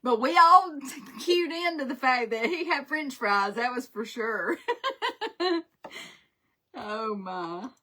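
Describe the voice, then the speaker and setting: A craft livestream host chats and tells stories while she crafts live, laughing often. Her voice is high, expressive, pushed and bright, and she speaks slowly with frequent pauses.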